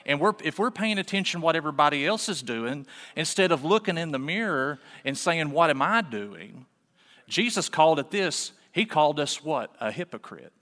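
A man preaching a sermon in a relaxed, folksy way, full of rhetorical questions, in a church sanctuary. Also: fairly high pitch, a little fast, few pauses, in a large hall. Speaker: pastor.

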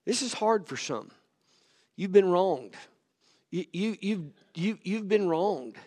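Impassioned high-voiced preacher. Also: male voice, animated, takes it slowly. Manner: impassioned preaching, rising to near-shouts; repeats and stumbles over words. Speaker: pastor. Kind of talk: sermon. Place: church sanctuary. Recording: long hall reverb from a sanctuary.

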